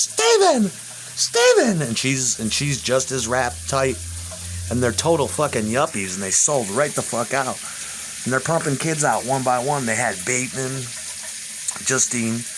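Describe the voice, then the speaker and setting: A man in the middle of a rambling, profanity-heavy rant, chuckling between his complaints. His pitch sits in an ordinary middle range. Faint sounds of frying and running water come from a kitchen behind him. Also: fairly bright tone, slight background noise. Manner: swears heavily, chuckles between rants, rambling. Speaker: vlogger. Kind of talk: profane ranting monologue.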